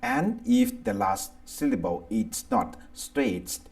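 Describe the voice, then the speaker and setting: Slow, gravelly man with a Thai accent. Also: mid-range voice, wildly swooping pitch, a little mellow. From Thailand. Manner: slow, deliberate, reads word lists aloud one by one. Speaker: English teacher. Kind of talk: slow scripted grammar lesson.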